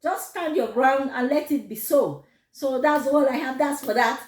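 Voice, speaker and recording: A woman with a Nigerian accent telling a personal story to camera, animated and quick to laugh. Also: high-pitched. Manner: animated, laughs often, gives advice. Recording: echoey room.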